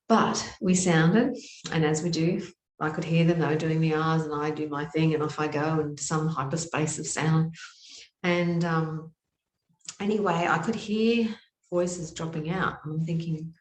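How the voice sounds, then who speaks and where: A woman telling a personal spiritual story in an animated way, laughing often and acting out voices with sudden high pitch. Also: a little fast, reverberant, low-quality recording. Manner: laughs often, loose fillers.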